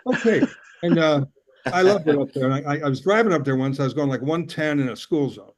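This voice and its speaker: A man in his sixties from Chicago delivers a rambling stand-up set over a video call. His jokes come out deadpan in a slightly raised voice, and he slips into character voices now and then. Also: a little high, fast talker, a little hiss or hum. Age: 60s. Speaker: stand-up comedian.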